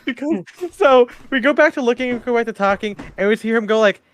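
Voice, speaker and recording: Animated young man telling a story. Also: very high voice, fast talker, smooth. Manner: animated, acts out quotes, laughs often. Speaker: podcast co-host. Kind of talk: casual storytelling chat.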